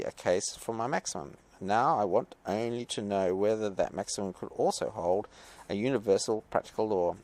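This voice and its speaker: Man doing a deliberate old thinker, slight German accent, low and gravelly. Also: a little mellow, lightly acted. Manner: deliberate, reasoning step by step. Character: earnest older male philosopher reasoning aloud.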